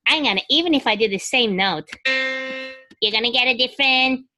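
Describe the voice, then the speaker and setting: A woman's voice, on the high side with a sharp tone, moves briskly over faint background music. She's a vocal coach explaining vocal technique in a webinar with sung demonstrations, speaking loosely with many fillers and restarts.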